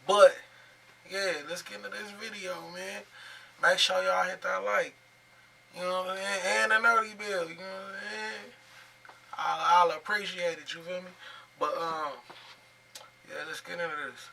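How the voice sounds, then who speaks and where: A man's voice: high voice, little pitch movement, moderate pace, creaky, long pauses, pushed and bright, distant mic, a little hiss or hum. A man hosting a reaction video, talking casually in slang and often asking "you feel me". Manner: laid-back slangy talk, frequent "you feel me". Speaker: reaction channel host.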